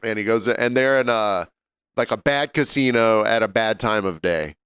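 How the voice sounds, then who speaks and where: A man's voice: fairly low pitch, moderate pace, fairly bright tone, clear, resonant tone, dry recording. A man co-hosting a podcast, telling crude stories in casual banter and laughing often. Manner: laughing, storytelling, crude humor. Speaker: podcast co-host.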